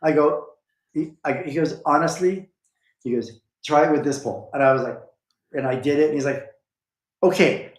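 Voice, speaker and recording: Male storyteller, casual podcast chat, higher-pitched, animated quotes, lots of "I go", echoey room. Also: moderate pace. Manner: animated, acts out quoted lines with a jumping pitch; rambling, full of restarts and "I go".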